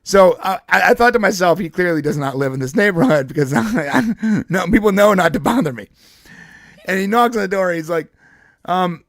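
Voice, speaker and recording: A man with a fairly high voice recounts a story in a loose, rambling way, stumbling over restarts and breaking into laughs. The sound is dry and close, with no room around it. It is casual podcast chat among co-hosts. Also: expressive, fairly quick, a bit bright, no room sound. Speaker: podcast co-host.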